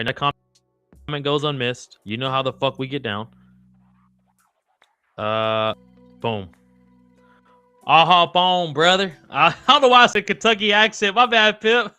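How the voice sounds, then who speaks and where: A man's voice: a little high, bright, forceful tone, no echo. A man hosting a live-stream sports talk show, casual, slangy and profane, calling viewers and guests brother and dog. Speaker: podcast host.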